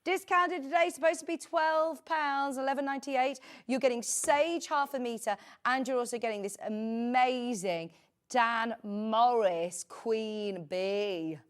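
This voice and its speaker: Hardly pausing, a middle-aged woman speaks at normal speed in a high-pitched voice during live TV sales chat. She's selling fabric on a shopping channel, keeping it casual with friendly asides.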